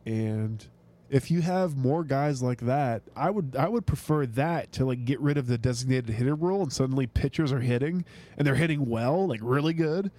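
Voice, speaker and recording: A man's voice: medium pitch, moderate pace, dark tone. A man hosting a sports podcast, chatting casually and ranting with swearing and frequent restarts. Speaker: podcast host.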